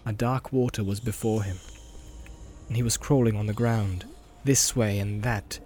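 A man narrating a fantasy audiobook in a steady, measured storytelling voice. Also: on the low side, slight background noise.

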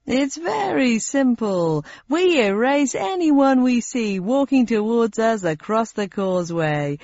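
A woman's voice: fairly high pitch, animated, takes it slowly, darkish tone, no room sound, dull audio, voice pushed up. A woman voicing a beaming, showy male game show host with a sing-song manner, in an audiobook. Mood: cheerful. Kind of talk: audiobook character voice.

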